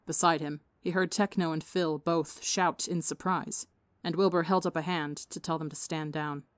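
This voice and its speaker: A woman reading fiction aloud in a steady, measured way. Her voice sits low. The recording is dry and close to the mic. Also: dry recording. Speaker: audiobook podcast reader. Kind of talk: scripted narration of fan fiction.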